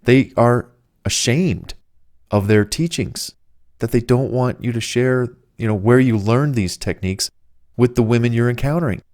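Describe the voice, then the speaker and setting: A man's voice: mid-range voice, normal speed, darkish tone, no room sound, studio quality. A man, the author, giving casual, rambling dating advice in a chatty, salesman-like way. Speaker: author reading and riffing on his own book.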